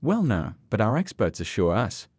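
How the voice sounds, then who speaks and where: A man voicing a nervous, stammering young male lawyer who talks in halting, flustered bursts. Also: fairly low pitch, big pitch swings, a little mellow, husky, no echo, full character voice.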